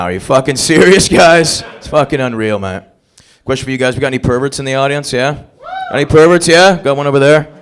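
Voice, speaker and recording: Lively profane man hosting stand-up. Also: a little high, fast, vocal fry, hardly any pauses. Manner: crude, profane, crowd-working banter. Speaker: open mic host comedian. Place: comedy club stage.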